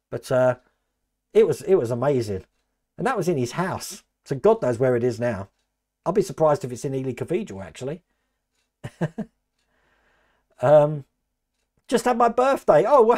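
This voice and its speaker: An older man with a slightly high voice and an accent that blends Australian with Essex English. He rambles in a friendly, chatty way, hosting a live stream and reading out viewers' comments. His talk is loose and unscripted, full of asides. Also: a little mellow. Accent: mixed Australian and Essex English. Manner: rambling, chatty, answers chat by name.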